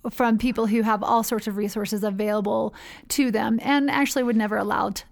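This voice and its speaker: A woman's voice: a little high, steady tone, brisk, gravelly. A woman, founder of a charity, telling her story in a casual interview, chatty and rambling with fillers and restarts. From United States.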